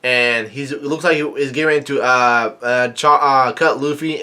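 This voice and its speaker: Man, mid-pitched, casual reaction vlogger, halting delivery full of ums and restarts. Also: fairly even intonation, bright, forceful tone, clean tone. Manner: halting, many fillers and restarts; reads quoted lines in a plain narrating voice. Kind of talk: casual chapter recap.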